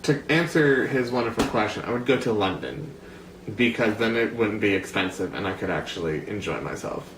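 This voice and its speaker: A man's voice: on the low side, expressive, a little fast, background noise. A young man from the United States vlogging to camera in a chatty, rambling way, full of fillers and asides. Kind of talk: casual talk to camera. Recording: echoey room, faint background ambience.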